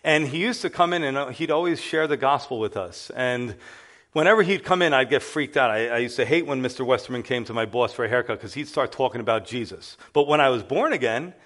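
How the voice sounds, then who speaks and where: Man preaching a lively personal testimony. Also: medium pitch, brisk. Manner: animated storytelling, acts out quoted voices. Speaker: pastor. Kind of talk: sermon testimony.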